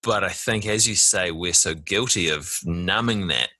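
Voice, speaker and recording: A man hosting a podcast in a relaxed, casual way, laughing easily and swearing now and then. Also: low-pitched, unhurried, no room sound. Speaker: podcast host. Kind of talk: casual conversation.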